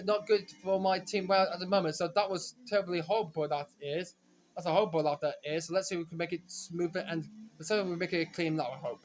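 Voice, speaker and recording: A man giving rambling, self-correcting commentary while playing a racing game, now and then breaking into frustrated shouts. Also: a little high. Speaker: gaming commentator. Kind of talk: casual let's-play commentary.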